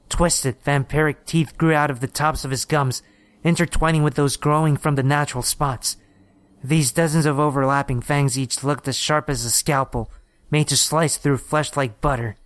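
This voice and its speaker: A man reading a horror story aloud in steady, measured scripted narration. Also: medium pitch, no room sound.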